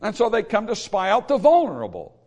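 A man's voice: high voice, wildly swooping pitch, a little fast, darkish tone. A male pastor preaching a sermon in an emphatic, repetitive way, with humorous asides.

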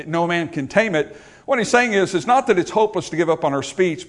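A male pastor preaching a sermon, joking with the congregation and asking them questions. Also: on the high side.

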